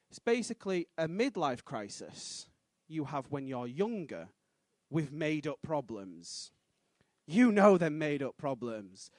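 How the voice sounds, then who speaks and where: A man, doing a quick, punchy stand-up set on a comedy club stage. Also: medium pitch, big pitch swings, no echo. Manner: quick punchy delivery with sudden loud punchlines and voices.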